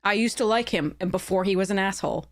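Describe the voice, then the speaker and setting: A woman's voice: medium pitch, quick pace. Heated, apologetic woman streamer. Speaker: game streamer. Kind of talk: live stream chat with viewers.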